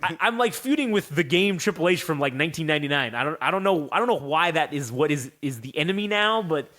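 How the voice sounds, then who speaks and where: A man's voice: on the high side, expressive, fast talker, bright, forceful tone. A man telling a rambling, profane story as a podcast co-host. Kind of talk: casual storytelling.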